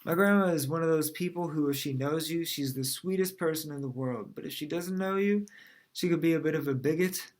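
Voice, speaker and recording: A man's voice: a little high, brisk. Dry-witted stand-up comic, man in his 30s. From New Orleans, USA. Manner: dry, conversational joke delivery. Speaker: comedian. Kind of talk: stand-up set.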